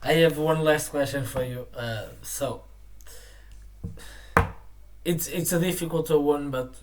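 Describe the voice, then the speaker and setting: Male host, halting delivery, slow measured questions. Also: on the high side, background noise. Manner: hesitant, halting with many fillers. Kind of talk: interview questions.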